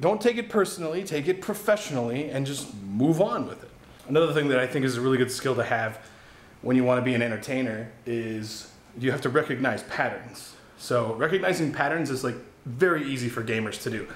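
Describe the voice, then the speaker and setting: Candid swearing gamer vlogger, echoey room. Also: male voice, mid-range voice. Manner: candid, rambling, swears casually. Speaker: gaming YouTuber. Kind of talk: casual vlog monologue.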